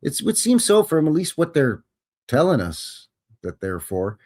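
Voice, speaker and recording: A man's voice: on the high side, huge pitch swings, moderate pace, a little mellow. A man hosting a live show, chatting casually and greeting viewers by name. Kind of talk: casual livestream chat.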